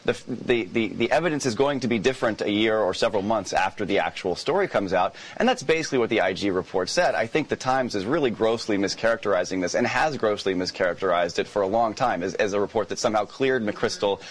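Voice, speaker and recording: A man, a journalist guest in a news interview, talking quickly with many restarts and repeated words. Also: lowish voice, animated.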